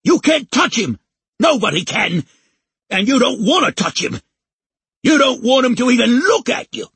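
A woman voicing a foul-mouthed, defiant young male thug in an audiobook, with rough street talk and a raspy edge. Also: medium pitch, big pitch swings, measured pace, fairly bright tone, no room sound, full character voice. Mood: defiant, sneering. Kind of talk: audiobook character voice.

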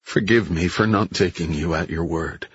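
Man doing a nervous young cop, earnest, strained, deep husky voice. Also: normal speed, lo-fi sound. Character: young nervous male police officer.

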